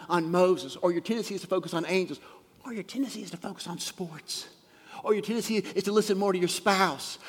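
A man preaches a sermon with a voice a little higher than most men's. He drops to hushed near-whispers, then punches key lines out loudly. His voice rings with the long reverb of a large hall. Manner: swings between soft, hushed asides and loud emphatic punches.

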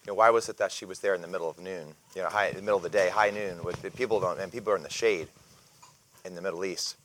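A man teaching a casual Bible lesson, speaking hesitantly with many fillers and restarts and often clearing his throat. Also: low-pitched, fairly even intonation, rapid-fire, fairly bright tone, slight background noise.

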